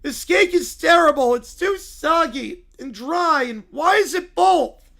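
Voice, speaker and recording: A man voicing a grumpy male bear who complains loudly and indignantly. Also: extremely high pitch, lively intonation, a little slow, creaky, pitched above the performer's own voice, heavily acted.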